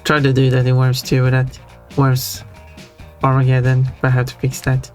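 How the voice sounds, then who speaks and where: Browsing options during her stream, a woman talks at a moderate pace in a rumbling low voice, relaxed and chatty. Her casual gameplay commentary is dotted with laughter, with game music in the background.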